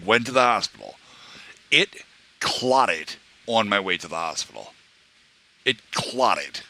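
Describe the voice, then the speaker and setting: Young guy streamer rambling a story to chat, real low voice but kinda bright and forceful, lots of um and like. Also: very animated, slow, gravelly. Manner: rambling, many fillers and restarts; quotes others in raised voice.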